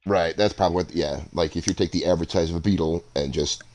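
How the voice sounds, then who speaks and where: A man's voice: low voice, fast, a little mellow. A man playing a tabletop game with friends, chatting and rambling between turns. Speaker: player. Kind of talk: casual tabletop play chat.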